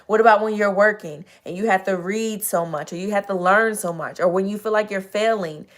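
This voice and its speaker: Chatty, slightly hoarse woman livestream host. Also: mid-range voice, fairly quick. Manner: chatty, greets viewers by name mid-talk; earnest, encouraging, addresses audience as y'all. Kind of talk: casual motivational livestream talk.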